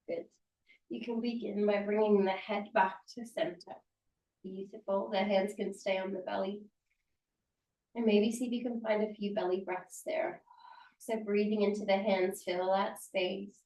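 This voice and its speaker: A woman teaching a yoga class, giving calm, encouraging, unhurried cues through the movements and breaths. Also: medium pitch. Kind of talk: guided yoga class instruction. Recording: roomy sound from a distance.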